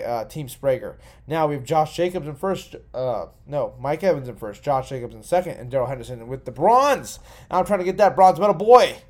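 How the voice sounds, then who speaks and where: A young man rambles through a casual solo podcast, a little drunk and swearing freely. His voice sits slightly higher than most men's, and he jumps between muttering and excited outbursts. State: tipsy. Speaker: podcast host.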